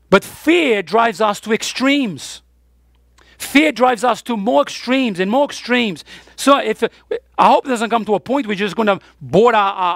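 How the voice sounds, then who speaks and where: A man's voice: high-pitched, vocal fry, a bit bright, no room sound, studio quality. A man preaching a sermon as pastor, emphatic, with his voice rising on the key points.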